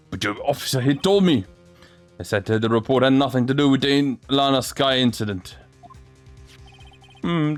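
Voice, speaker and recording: This man's voice sits at medium pitch with a light touch of acting as he reads through a courtroom game, handling each character's lines himself. He sometimes stumbles, and there's faint music underneath.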